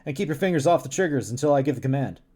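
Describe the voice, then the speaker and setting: Commanding male starship captain, quick crisp orders, read by a male streamer. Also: mid-range voice, lively intonation, mellow, close to an everyday voice.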